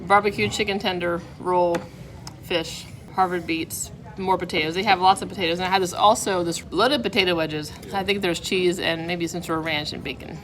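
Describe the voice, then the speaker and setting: A woman with a fairly low voice chats through a casual food review, candid and a little picky, giving every dish a score out of ten. She is recorded at a restaurant table, and clear diner noise runs underneath. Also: fairly even intonation, moderate pace, fairly bright tone. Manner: chatty, candid, rates each dish out of ten. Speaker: food vlogger. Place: restaurant dining room.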